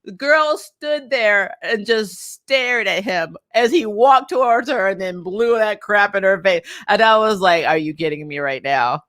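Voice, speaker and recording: A woman casually reviewing a TV episode, animated and exasperated, laughing between her points. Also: mid-range voice, unhurried, dry recording, studio quality. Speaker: TV review vlogger.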